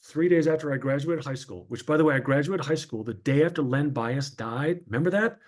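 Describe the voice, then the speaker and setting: A man's voice: a little high, a little fast, a little mellow. Chatty middle-aged man telling stories. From northern New Jersey. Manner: chatty, anecdotal, frequent fillers. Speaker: podcast guest, former sportscaster. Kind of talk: casual storytelling interview.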